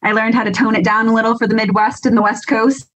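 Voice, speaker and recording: A woman from New York with a New York accent, a nurse guest on a podcast, talking quickly and animatedly, often laughing. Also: a little high, level tone, poor audio. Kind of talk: casual interview chat.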